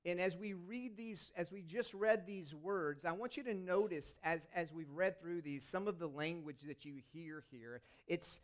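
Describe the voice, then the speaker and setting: A man's voice: high-pitched, moderate pace, hardly any pauses. A man giving a sermon in a conversational, storytelling way, often restarting his sentences. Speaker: lay preacher.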